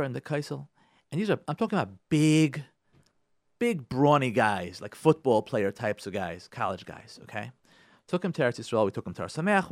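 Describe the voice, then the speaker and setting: A rabbi hosting a radio talk show, speaking on Torah and marriage and repeating key phrases for emphasis. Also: male voice, mid-range voice, fairly bright tone, no room sound, clean studio sound.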